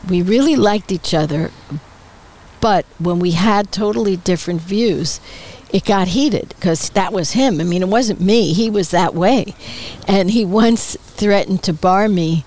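An older woman, a retired politician, chatting as a guest in an interview on an outdoor patio, telling stories with animated quoted voices and frequent laughs. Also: mid-range voice, poor audio. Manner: lively storyteller, acts out quoted voices, laughs often. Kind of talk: casual interview chat.

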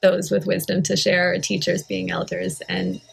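A woman's voice: fairly low pitch, level tone, moderate pace, vocal fry, husky, faint music behind. A middle-aged woman speaking as a guest in a group conversation, thoughtful and hesitant, with many fillers and restarts. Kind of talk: reflective casual conversation.

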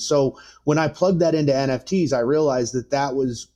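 A man in his thirties telling a story in casual, profane chat, rambling with lots of fillers and getting animated. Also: mid-range voice, a little fast, few pauses. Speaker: podcast guest.

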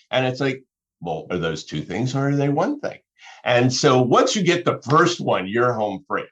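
A man talks through business advice with a lively, rising-and-falling delivery, restarting phrases as he works through examples. The recording sounds dull and lo-fi. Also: medium pitch. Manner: animated, explanatory, talks through examples with self-corrections. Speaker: business advisor. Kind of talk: conversational advice talk.

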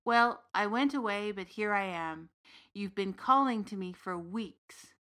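A woman reading the part of a big, gently knowing uncle from the fairy realm in an audiobook story. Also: medium pitch, a little slow, lightly acted. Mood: calm. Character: big warm Irish uncle, old fairy king's son.

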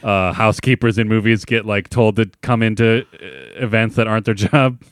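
A man in his thirties chatting casually on a podcast, hedging and circling around his points. His voice is low and smooth, and it is recorded dry and close. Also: steady tone, brisk, no echo. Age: 30s. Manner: hedging, full of "like" fillers. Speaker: podcast co-host. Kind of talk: casual chat.

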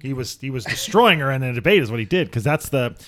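A man on a casual podcast, an animated storyteller who recounts a debate and acts out what each side said. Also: medium pitch, fast talker. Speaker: podcast co-host. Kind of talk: casual chat.

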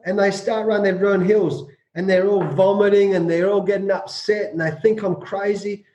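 Animated middle-aged Australian man, echoey room. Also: sits high. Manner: acts out quoted shouting, rapid repetitions. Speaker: cricket coach and author. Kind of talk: animated storytelling in an interview.

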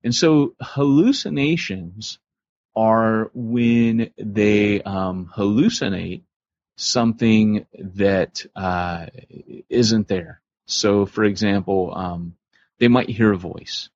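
A man co-hosting a podcast in casual chat, animated and acting out the voices he quotes. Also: on the low side, slow pace, no room sound. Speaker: podcast co-host. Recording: slightly muffled podcast recording.

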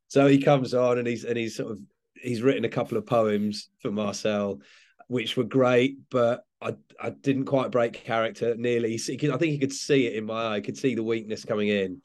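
This English comedian guest has a medium-pitched, darkish voice with fairly even intonation and a moderate pace. In a casual interview he rambles, restarts his sentences, corrects himself and laughs a lot.

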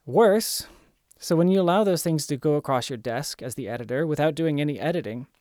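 A man's voice: a little high, lively intonation, a little fast, darkish tone, no room sound, clean studio sound. A man giving earnest, emphatic self-help instruction in a coaching tone. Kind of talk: motivational instruction.

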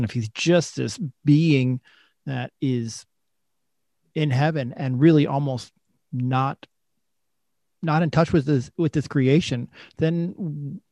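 A man's voice: medium pitch, creaky, dark tone, no room sound. A man co-hosting a faith talk show, emphatic and exclaiming often. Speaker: podcast co-host. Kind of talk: casual Christian talk.

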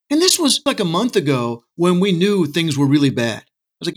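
A man's voice: a little high, very animated, brisk. Passionate middle-aged man arguing a point. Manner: passionate, argumentative, uses asides and rhetorical questions. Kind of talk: casual interview talk. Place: Texas.

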